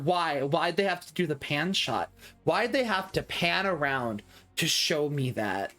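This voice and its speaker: A man's voice: a little high, expressive, unhurried, bright, forceful tone. A young man streaming a video game live, reacting with dramatic, whiny, self-mocking commentary.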